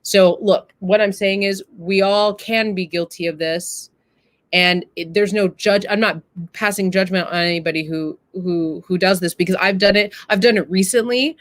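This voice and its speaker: A woman's voice: mid-range voice, moderate pace, dry recording, clean studio sound. A woman hosting a live stream, talking earnestly and casually and addressing her viewers directly. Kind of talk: casual reflective talk to viewers.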